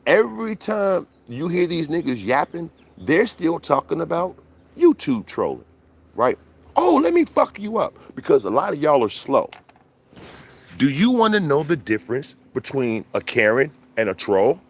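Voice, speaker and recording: A man's voice: on the high side, very animated, moderate pace. Man ranting on a livestream. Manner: blunt, profane, full of rhetorical questions. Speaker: livestream host. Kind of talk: profane livestream rant.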